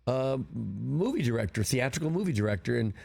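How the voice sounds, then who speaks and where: A man's voice: mid-range voice, fairly quick, vocal fry, husky. Older male producer telling stories. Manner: rambling anecdotes, animated quoting. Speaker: film producer, guest. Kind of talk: casual interview storytelling. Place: broadcast studio.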